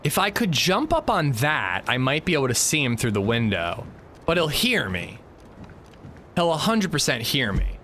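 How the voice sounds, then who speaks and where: Bright, lively-voiced gaming streamer man. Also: on the high side, normal speed, a little hiss or hum. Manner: chatty, rambling, reads chat aloud. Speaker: livestreamer. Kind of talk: casual chat while gaming.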